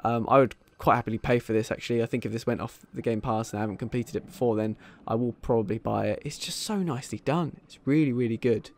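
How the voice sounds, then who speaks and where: A man's voice: medium pitch, fast talker, hardly any pauses, a little mellow. A man hosting a gaming channel, chatting casually and enthusiastically over his gameplay with frequent ums.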